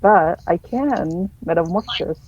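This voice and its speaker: A woman's voice: fairly low pitch, measured pace, a crowd in the background. A woman playing a tabletop game over voice chat, hesitant with many fillers, heard through muffled audio. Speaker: player. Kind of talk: casual play over voice chat. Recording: muffled phone-quality audio in a dry room.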